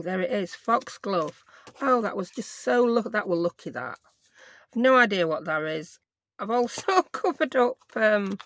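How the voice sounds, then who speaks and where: This woman has a lowish, fairly bright voice with vocal fry, recorded without echo. A craft vlogger from Yorkshire, England, she chats her way through a tutorial at her desk in a self-mocking tone, using Yorkshire dialect words.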